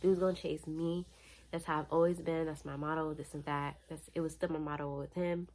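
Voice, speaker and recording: A young woman from Florida, tired, telling a personal story in a casual, animated, slangy way. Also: deep voice, brisk. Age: young adult. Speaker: vlogger.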